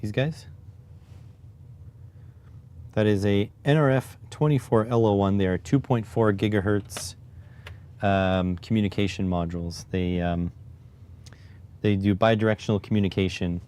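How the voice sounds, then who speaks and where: A man's voice: fairly low pitch, steady tone, measured pace, long pauses, dark tone. A man chatting casually on a live stream while he builds electronics, rambling and joking at his own expense. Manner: rambling, joking, self-deprecating.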